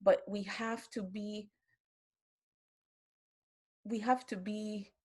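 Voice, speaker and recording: A woman's voice: mid-range voice, little pitch movement, drawn-out words, darkish tone, husky. An older woman, a grandmother, speaking earnestly on an online round-table video call, with many restarts and moments where her feelings show. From Kahnawake, Quebec.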